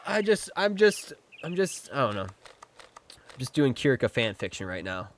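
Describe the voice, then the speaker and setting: A man's voice: mid-range voice, animated, fairly quick, no room sound. A man streaming a game live, chatting playfully with his viewers and slipping into silly voices. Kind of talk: casual live-stream chat with gameplay.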